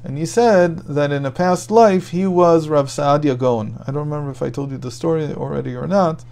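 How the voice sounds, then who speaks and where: A man's voice: fairly high pitch, moderate pace, gravelly, darkish tone. A man telling a story in a daily Torah lesson, thinking aloud and restarting his phrases as he goes. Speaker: Torah teacher.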